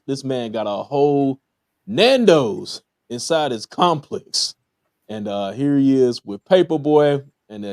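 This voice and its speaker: A man's voice: medium pitch, a little mellow, no room sound, studio quality. Laid-back Southern man hosting a review. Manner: laid-back, lots of fillers, laughs at his own remarks. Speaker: podcast host reviewing a TV episode. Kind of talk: casual review chat.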